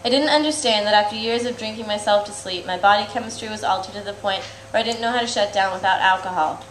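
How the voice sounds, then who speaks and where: A woman's voice: mid-range voice, fast, a bit bright, echoey room, slight background noise, poor audio. A young woman reads her own comic aloud at a live event, in a dry, self-deprecating way and often laughing.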